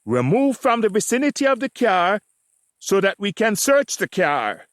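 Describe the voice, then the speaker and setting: A man's voice: high voice, very animated, moderate pace, a bit bright, no echo, studio quality, voice pushed up. A man voicing a blustering Jamaican police sergeant who barks orders and mocks the men he stops, with a Jamaican accent. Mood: commanding. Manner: barking orders, insulting and mocking.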